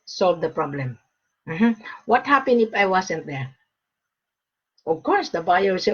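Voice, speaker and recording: A woman's voice: medium pitch, big pitch swings, unhurried, long pauses, breathy edge. A woman broker talking straight to camera, blunt and emphatic, repeating her points as she gives advice. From Australia. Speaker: gold and diamond broker. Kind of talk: direct-to-camera advice talk. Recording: dull lo-fi recording.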